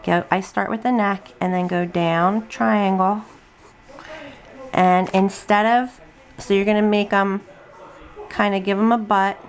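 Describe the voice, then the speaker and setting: A woman's voice: mid-range voice, fairly even intonation, unhurried, long pauses. A tired, chatty middle-aged woman rambling through a casual drawing tutorial at her home desk, full of ums and asides. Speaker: craft video host. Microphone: camera on tripod at desk.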